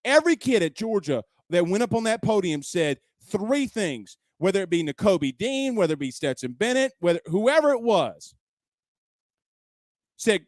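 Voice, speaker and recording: A man's voice: sits high, big pitch swings, normal speed, a little mellow, dry recording, studio quality. A man hosting a sports talk show, giving emphatic opinions and firing off rhetorical questions from home. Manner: emphatic, repeats points, fires off rhetorical questions.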